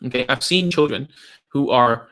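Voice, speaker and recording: A man's voice: medium pitch, normal speed, a bit bright. A man hosting a live question-and-answer session as a speech therapist, talking casually and filling his speech with "like" and "right?". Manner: chatty, uses many fillers like "like" and "right?".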